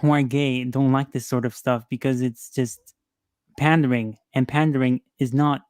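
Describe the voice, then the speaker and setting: A man appearing as a guest on a stream chat, calmly explaining his criticism in a measured way. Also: mid-range voice, dry recording, studio quality. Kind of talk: casual chat.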